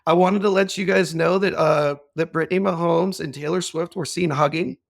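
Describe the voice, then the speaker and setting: A man with a gravelly voice and slightly high pitch, sharing gossipy, playful updates in casual podcast banter. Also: steady tone, moderate pace.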